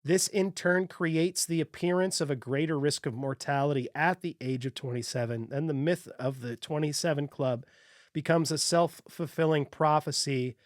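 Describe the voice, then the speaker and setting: A man's voice: on the high side, moderate pace, no echo, studio quality. A man hosting a casual podcast, reading his research notes aloud and joking between points.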